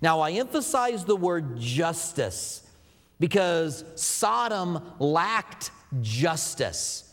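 A pastor preaching a sermon in a loose, conversational way, with asides and filler words. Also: male voice, a little high, very animated, drawn-out words, a bit bright, big-room sound.

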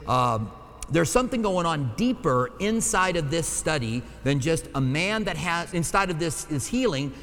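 Pastor in a reverberant church hall. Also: male voice, on the high side, fairly bright tone. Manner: conversational, with fillers and self-corrections. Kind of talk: sermon. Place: church sanctuary.

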